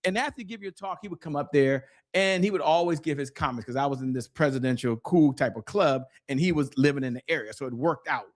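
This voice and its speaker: A man's voice: fairly high pitch, fast, few pauses. A middle-aged man, a sales strategist guest in an interview, telling stories energetically and addressing viewers directly in a preacher-like way.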